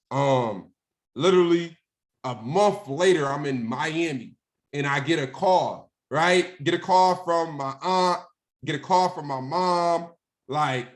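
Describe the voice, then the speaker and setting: As a guest at a mentorship session, a man tells his own story in a casual, animated, slangy way. His voice is a little high.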